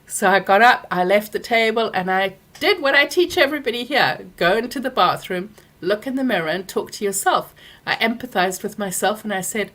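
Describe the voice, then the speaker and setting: A woman, hosting a live Q&A and telling a personal story, animated when she acts out what others said. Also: mid-range voice, fairly quick. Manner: animated when acting out quoted people. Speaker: workshop host answering questions.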